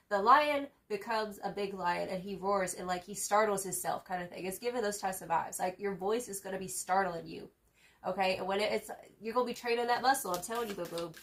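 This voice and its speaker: A young woman giving a casual tarot reading, slangy and profane, hyping the viewer up with repeated catchphrases. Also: mid-range voice. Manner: slangy, profane and emphatic, full of fillers. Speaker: tarot reader.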